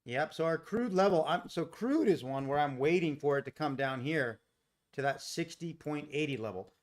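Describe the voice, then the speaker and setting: A man's voice: fairly high pitch, expressive, moderate pace. A man hosting a live trading stream, talking casually and answering viewers from the chat by name. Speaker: day trading livestream host. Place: home in Costa Rica. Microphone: desk mic without boom arm.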